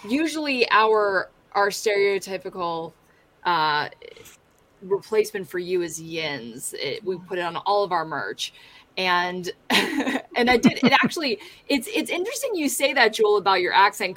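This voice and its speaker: A woman's voice: mid-range voice, animated, measured pace, a bit bright. A woman from Pittsburgh with a Pittsburgh accent, a guest chatting casually in an interview, friendly and reflective. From Pittsburgh, USA. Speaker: guest, YouTuber.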